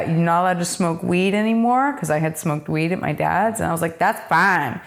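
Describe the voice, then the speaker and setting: A young woman speaks in a low, gravelly voice, telling her own story in an interview. Her talk is casual and frank, full of fillers and the odd swear word. She acts out what others said to her along the way. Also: a little fast, few pauses. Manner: candid, emotional storytelling, acts out quoted voices. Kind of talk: personal life story interview.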